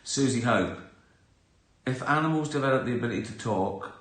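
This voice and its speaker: Chatting casually on a live stream, a middle-aged man answers viewers' questions, laughs often, and acts out small scenes. He has an expressive, fairly bright mid-range voice at normal speed, and the recording sounds roomy.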